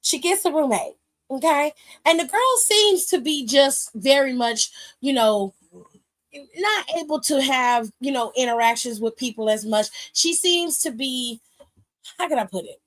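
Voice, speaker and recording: A woman hosting a wrestling aftershow, recapping with sassy, animated and profane storytelling. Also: high voice, a little slow. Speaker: aftershow host. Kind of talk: casual recap chat. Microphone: streaming mic.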